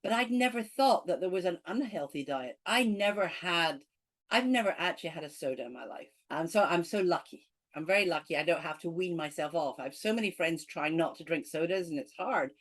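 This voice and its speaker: A woman's voice: fairly low pitch, expressive, fairly quick. Enthusiastic woman explaining on a podcast. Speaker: author and brain-based coach, podcast guest. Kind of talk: conversational interview.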